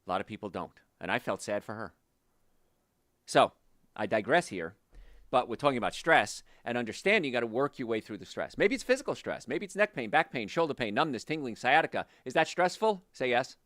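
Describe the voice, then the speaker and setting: A man's voice: mid-range voice, a little fast, no echo, clean studio sound. A man hosting a health show, giving an emphatic, motivational talk straight to his listeners. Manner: emphatic, animated, speaks directly to listeners.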